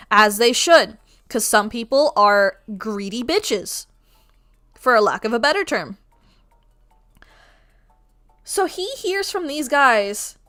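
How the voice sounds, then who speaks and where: A woman streamer launches into an animated, swear-laden rant for her chat. Her voice is bright and forceful and sits a little high, and she can project it loudly whenever she chooses. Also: slow pace, pauses often. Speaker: art streamer. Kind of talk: casual storytelling rant.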